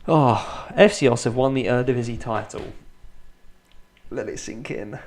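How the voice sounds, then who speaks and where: Here a gaming YouTuber in his thirties speaks at a moderate pace in a mid-range voice. It's night at home, and he keeps his Let's Play commentary hushed and restrained to avoid waking his sleeping children. He mocks himself with a dry wit.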